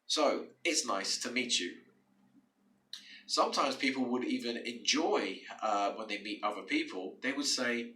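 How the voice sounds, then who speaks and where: A man's voice: medium pitch, lively intonation, a little slow, bright, forceful tone, recorded from a distance. A man teaching English to learners, patient and explanatory, often repeating words and restarting phrases. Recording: echoey room, away from the mic.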